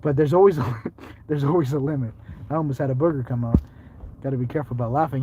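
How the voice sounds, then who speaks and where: A man's voice: medium pitch, quick pace, pauses often, mellow, breathy edge. A man hosting a ghost-hunting livestream who rambles, jokes with viewers and laughs often. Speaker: ghost-hunting video host. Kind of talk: live-stream chat with viewers.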